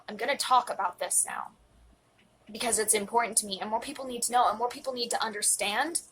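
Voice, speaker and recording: A young woman in her twenties talks straight into her phone in a heartfelt confessional vlog. Her voice stays fairly level and unvaried in pitch while she fights back tears, sometimes sinking to a near whisper, with a faint hiss of noise underneath. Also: a bit bright, poor audio. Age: 20s. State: emotional, close to tears. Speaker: vlogger.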